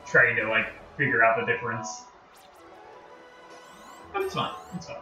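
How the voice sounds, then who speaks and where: Big swings in pitch mark this man's mid-range voice as he rambles casually during a game livestream, joking at his own expense and drifting between topics. He's an American with a Northern accent, speaking at a moderate pace in a sharp tone. The mic is far off, the room is roomy, and music plays behind him.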